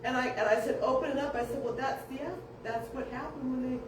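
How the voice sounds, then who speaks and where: A woman's voice: sits high, fairly quick, background noise. Woman telling a story in a distant echoey room. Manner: animated, acts out quoted voices, laughs often. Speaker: family member telling stories. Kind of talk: casual storytelling.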